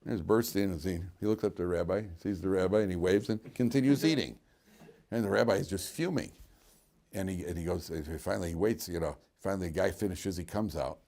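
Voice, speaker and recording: A man giving a lively Torah lecture as a rabbi, acting out the people in his stories with big swings in voice and many "you know" fillers. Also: a little fast, gravelly. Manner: animated storyteller acting out characters with sharp jumps in pitch and loudness. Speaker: rabbi teaching a weekly Torah class.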